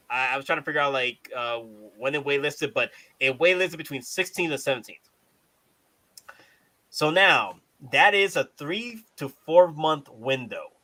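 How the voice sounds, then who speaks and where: A man hosting a casual collectibles chat, animated, repeating himself and swearing casually. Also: medium pitch, rough recording. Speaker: host.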